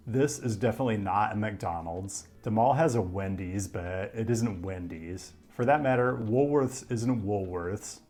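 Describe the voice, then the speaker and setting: A man from the Pacific Northwest with an American accent, giving scripted narration with dry, deadpan humor. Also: on the low side. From Pacific Northwest, United States. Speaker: video essayist.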